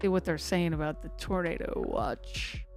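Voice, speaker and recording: A woman's voice: on the low side, expressive, normal speed, a little mellow, soft background music. A woman hosting a severe-weather livestream, chatting casually and rambling, self-deprecating as she answers the chat. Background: faint looping song.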